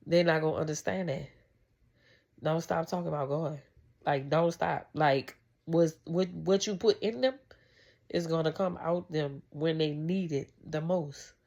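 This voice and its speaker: Woman vlogger, low voice, gravelly, rambling faith talk. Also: unhurried, darkish tone. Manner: rambling, heartfelt, many "like"s and restarts. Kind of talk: casual faith talk to camera.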